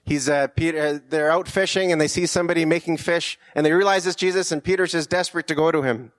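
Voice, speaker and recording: A man's voice: fairly high pitch, fairly even intonation, quick pace. A man preaching a conversational sermon, earnest, with rhetorical questions and frequent restarts.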